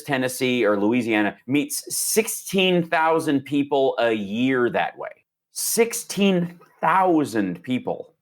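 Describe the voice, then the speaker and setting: A man in his forties from Indiana, a podcast guest telling stories with energy and acting out quoted voices. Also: mid-range voice. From Indiana, USA. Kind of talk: animated storytelling.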